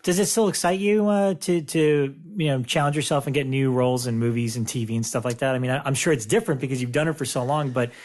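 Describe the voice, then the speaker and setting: A man's voice: medium pitch, quick pace, few pauses, darkish tone. A man hosting a podcast interview, asking questions with a fan's enthusiasm. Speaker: podcast host.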